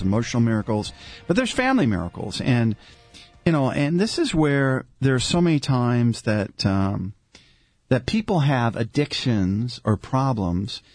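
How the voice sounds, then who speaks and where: A man with a middle-pitched voice hosts a faith talk show as a deacon, recounting stories in an earnest, animated way. His voice is close and dry, with no room sound around it. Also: no room sound. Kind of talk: religious talk show storytelling.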